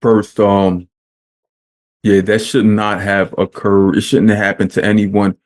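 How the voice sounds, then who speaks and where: A man hosting a podcast interview, speaking in an earnest, measured way. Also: fairly low pitch, little pitch movement, darkish tone. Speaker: podcast host. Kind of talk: casual interview.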